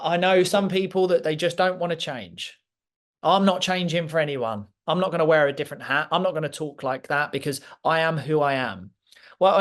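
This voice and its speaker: A man's voice: a little high, a bit bright. A man delivering a motivational masterclass talk, emphatic and repeating key points for effect. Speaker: speaker.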